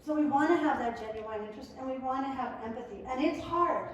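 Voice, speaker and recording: A family skills workshop presenter speaks to a live audience in a lively, conversational style, acting out quotes along the way. Her slightly high voice moves fast and is picked up by a distant mic in a very echoey room, with a faint hiss and the highs cut off.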